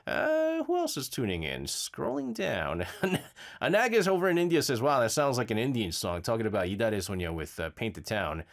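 A man's voice: mid-range voice, normal speed, vocal fry. A man hosting a radio show, chatting casually and reading listener messages, with lots of fillers and stammers. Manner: lively, rambling, frequent fillers and stammers. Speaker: radio host. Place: radio studio.

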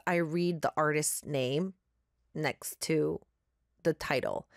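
A woman's voice: lowish voice, no room sound, studio quality. A woman hosting a radio show who chats enthusiastically with listeners and reads their stories. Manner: chatty, enthusiastic, warmly grateful. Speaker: radio host.

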